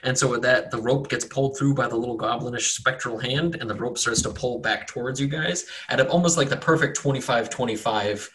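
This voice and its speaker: A man with a voice of middle pitch narrates a tabletop game as its game master. He talks fast and loosely, stringing the scene together with fillers. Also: a bit bright, low-quality recording.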